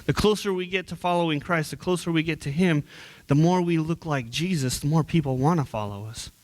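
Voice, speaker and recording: A man's voice: on the high side, fairly quick. A young man preaching as a youth minister in church, earnest and conversational, often repeating words and restarting sentences. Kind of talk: sermon.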